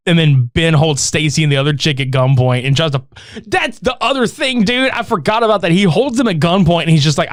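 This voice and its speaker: Animated swearing man recapping a movie. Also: fairly high pitch, fast, dry recording, studio quality. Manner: animated, swearing, acts out characters' lines. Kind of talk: casual profane movie recap chat.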